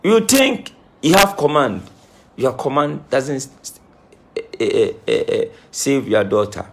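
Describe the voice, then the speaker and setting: Against background noise, a man speaks a little slowly in an expressive, gravelly, medium-pitched voice, acting as a self-styled spiritualist in an impassioned monologue to camera. He scolds emphatically, repeating himself, and states that he's crying.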